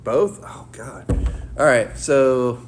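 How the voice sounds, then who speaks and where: A man's voice: mid-range voice, takes it slowly, a little hiss or hum. A young man co-hosting a podcast in casual, jokey chat, rambling and laughing often. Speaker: podcast co-host.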